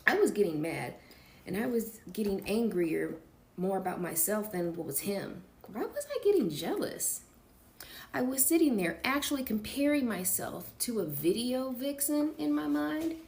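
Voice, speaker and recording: Woman reading a memoir with chatty asides. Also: mid-range voice. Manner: reads with chatty off-script asides to listeners. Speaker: storyteller.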